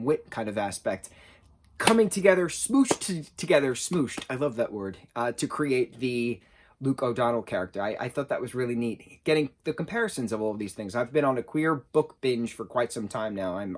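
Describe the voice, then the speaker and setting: Chatty, excitable man reviewing a book. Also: mid-range voice, a little fast. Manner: chatty, excitable, with frequent restarts and fillers; sarcastic. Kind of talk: casual spoken book review.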